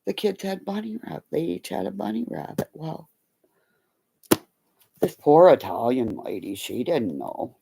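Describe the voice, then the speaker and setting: Her voice low, unhurried, gravelly and husky, a middle-aged live streamer chats casually through rambling stories full of profanity. She's animated and performs the voices of the people she quotes.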